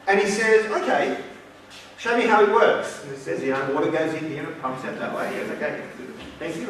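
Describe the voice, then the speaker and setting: Australian man, lecturer, animated storytelling, slightly high voice, very echoey hall, distant mic. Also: slight background noise. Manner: animated storyteller acting out dialogue. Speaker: guest lecturer.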